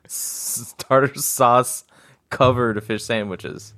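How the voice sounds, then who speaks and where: A man co-hosting a casual podcast chat, describing things in slow, halting phrases and chuckling often. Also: mid-range voice, fairly even intonation, a bit bright, no echo, clean studio sound. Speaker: podcast co-host.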